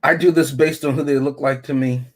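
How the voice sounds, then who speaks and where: A man's voice: mid-range voice, fairly even intonation, brisk. A man co-hosting a casual podcast chat, rambling and joking as he talks. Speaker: podcast co-host.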